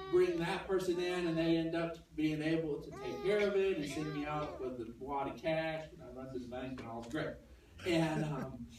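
Male pastor, conversational storyteller, voices the other people in the story. Bit high-pitched. Very reverberant sanctuary, faint noise behind. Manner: conversational storytelling, acts out dialogue. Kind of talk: sermon with personal story. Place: church sanctuary. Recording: very echoey church from a distance.

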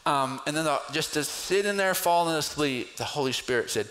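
A middle-aged man preaching a sermon, telling a personal story with lively swings in pitch. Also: normal speed, few pauses, low-quality recording. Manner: storytelling with animated pitch jumps in acted prayers. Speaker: pastor.

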